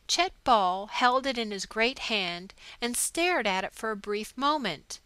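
A woman narrating a short story aloud, measured and steady. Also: a little high, smooth, dry recording, low-quality recording. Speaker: audiobook narrator. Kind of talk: scripted narration.

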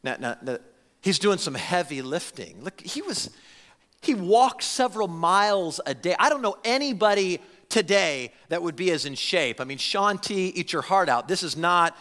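A man preaching a sermon as a pastor, talking in an animated, conversational way with frequent restarts. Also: high-pitched, moderate pace, in a large hall. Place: church sanctuary.

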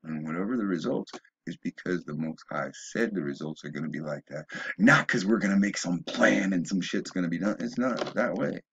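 A man's voice: sits low, brisk, vocal fry, a bit bright, breathy edge, muffled recording. A man delivering a rambling opinion monologue, often stumbling and restarting, then rising into emphatic bursts. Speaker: video blogger.

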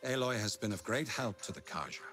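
Grave British-voiced leader. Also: male voice, fairly low pitch, expressive, a little fast, bright, forceful tone, faint music behind. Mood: solemn. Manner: grave, formal, aphoristic. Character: stern, measured male leader of a sun kingdom.

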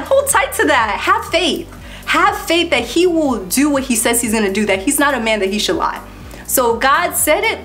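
A woman with a bright, high voice delivers a casual spoken exhortation and then prays. She talks in a lively, preachy way, laughing between points and often repeating words. Soft music plays faintly behind her. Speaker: Christian YouTuber giving an exhortation.

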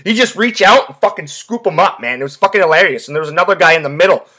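A young man hosts a casual sports podcast, telling loose, rambling stories full of profanity and filler words. His voice is bright and forceful and sits a little high for a man. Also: animated, fast talker. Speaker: podcast host.

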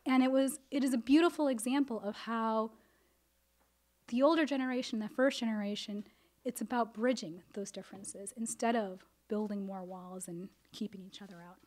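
A woman telling a personal story on stage, animated and expressive, acting out what her family said. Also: a little high, normal speed. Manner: animated, acts out family dialogue. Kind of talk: live storytelling performance.

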